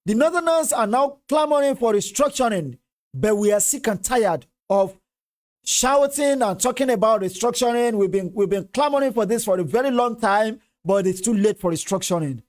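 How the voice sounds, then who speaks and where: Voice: medium pitch, animated, moderate pace. A Nigerian speaker with a Yoruba-tinged accent giving impassioned political commentary, fervent and repetitive. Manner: fervent, repetitive, switches between English and Yoruba.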